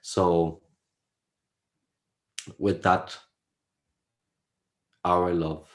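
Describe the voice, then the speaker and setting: A man channeling a wise, fatherly alien entity, speaking slowly with many pauses in a put-on, vaguely Irish-sounding accent. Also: sits low, little pitch movement. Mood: gentle. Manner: fatherly and soothing; slow, pausing, many "well"s. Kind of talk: channeled spiritual message.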